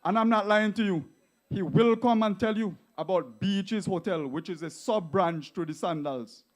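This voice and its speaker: A Vincentian man giving a fiery, mocking campaign rally speech, often shouting to the crowd. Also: high voice, moderate pace. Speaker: political rally speaker.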